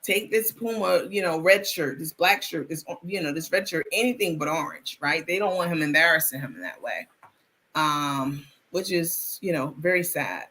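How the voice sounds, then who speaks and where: A woman's voice: deep voice, expressive, normal speed, pushed and bright. A woman hosting a live stream, chatting casually and reading viewer comments aloud with frequent restarts.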